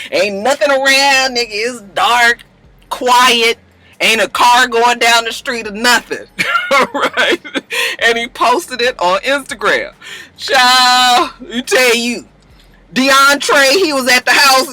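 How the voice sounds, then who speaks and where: A man's voice: very high voice, bright, forceful tone, dry recording, low-quality recording. A man from Los Angeles, hosting a casual, profane gossip podcast, laughing often and acting out the people in his stories. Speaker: podcast host.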